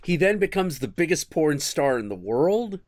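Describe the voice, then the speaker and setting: A man hosting a stream, chatting casually and telling crude, animated stories. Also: on the high side, moderate pace, no room sound, clean studio sound. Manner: animated, crude storytelling with bursts of acted quotes. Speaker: stream host. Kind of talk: casual chat.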